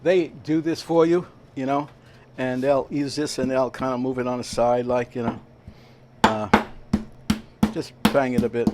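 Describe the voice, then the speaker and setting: A man's voice: medium pitch, steady tone, unhurried, pauses often, darkish tone, faint music behind. A man hosting a casual home cooking demonstration in a kitchen, talking in a rambling way and checking in with "all right?" as he goes. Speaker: home cooking show host. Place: kitchen at a veterans' hall.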